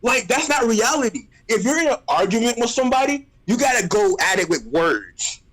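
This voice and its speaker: A high-voiced man rants on a casual livestream, his pitch leaping all over as he roasts people. He sounds exasperated and animated, hammering the same phrases again and again. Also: brisk, low-quality recording. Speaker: streamer. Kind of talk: casual ranting stream chat.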